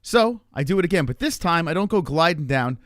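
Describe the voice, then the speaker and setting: A man in his forties telling a long story to his stream chat in a rambling, profane, animated way. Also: fairly high pitch, brisk, dry recording, clean studio sound. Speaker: live streamer.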